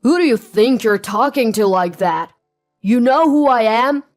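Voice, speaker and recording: A woman voicing a brash young male mafia newcomer who boasts and threatens loudly in a storybook reading. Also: on the high side, lively intonation, takes it slowly, faint music behind. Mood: bullying.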